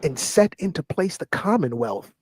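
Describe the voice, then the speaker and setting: A man's voice: fairly high pitch, sing-song, normal speed, a little mellow, slightly rough, no room sound. A man co-hosting a casual livestream, who reads from a web search and keeps asking joking questions.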